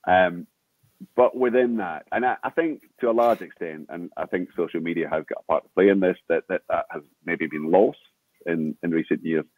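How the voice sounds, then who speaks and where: An older Scottish man, a veteran sports broadcaster, telling lively anecdotes in an interview with lots of restarts. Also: low voice, moderate pace, no echo. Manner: animated storyteller with frequent laughter and restarts. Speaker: guest, veteran radio sports presenter. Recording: tinny phone-like remote call.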